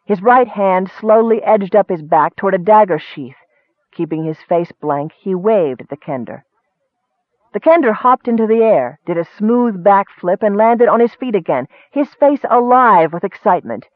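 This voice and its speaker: A man narrating a fantasy story in steady storytelling, lifting his voice for action. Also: high-pitched, normal speed, no echo. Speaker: audiobook narrator. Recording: dry, tinny phone-like sound.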